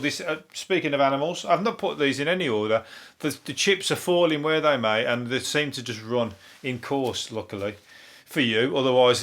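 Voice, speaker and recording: This solo podcast host and comedian, a man from Birmingham, England, speaks with the local accent in a mid-range voice that's a bit bright. His talk is loose and rambling, full of frequent swearing and chuckles at his own remarks.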